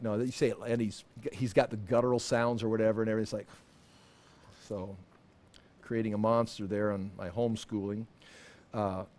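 Man in his sixties teaching a Bible class. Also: medium pitch. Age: 60s. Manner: conversational, rambling asides with self-corrections.

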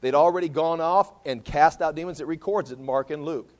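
A man's voice: a little high, brisk, a little mellow. A man teaching a sermon, reading Bible passages and explaining them in a conversational way that often repeats words. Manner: conversational, repeats words while thinking aloud, reads scripture aloud. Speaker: preacher.

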